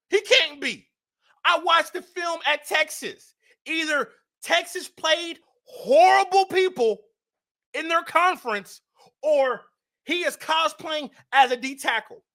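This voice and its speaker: A woman giving heated football fan commentary, blunt and mocking, rising to shouts. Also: high voice. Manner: repetitive, mocking trash talk.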